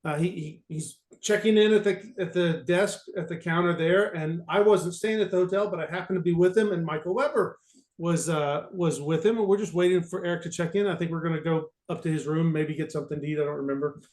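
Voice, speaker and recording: A man telling a casual anecdote to an audience, halting and restarting with amusement. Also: fairly high pitch, a little mellow, reverberant. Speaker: storyteller on a panel.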